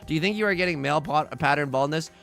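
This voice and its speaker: A man's voice: on the high side, fast talker, vocal fry, fairly bright tone, soft background music. A young man streaming a tile game, joking casually and chatting with his viewers. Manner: playful, jokey, chatting with viewers. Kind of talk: casual livestream commentary while playing.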